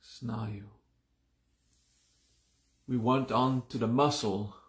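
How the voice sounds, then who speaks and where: A man teaching a live-streamed class, slow and deliberate, repeating each term several times, sounding like he has only just woken up. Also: mid-range voice, steady tone, roomy sound. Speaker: yoga teacher.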